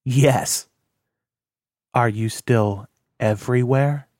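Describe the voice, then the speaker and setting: A man voicing a gentle, loving older mother who speaks softly and tenderly in a dry, close recording. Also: medium pitch, extremely slow, no echo. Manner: soft, tender, gentle questioning.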